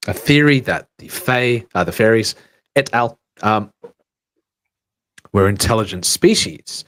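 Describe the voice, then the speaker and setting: A man's voice: lowish voice, animated, unhurried, fairly bright tone. A man co-hosting a podcast, rambling and thinking aloud in casual chat, swearing now and then. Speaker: podcast co-host.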